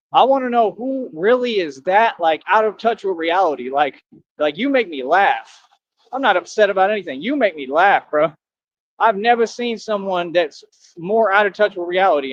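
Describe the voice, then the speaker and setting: High-voiced man ranting, boastful and confrontational. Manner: boastful, confrontational street slang. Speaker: livestream streamer. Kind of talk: ranting live stream. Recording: dull lo-fi sound.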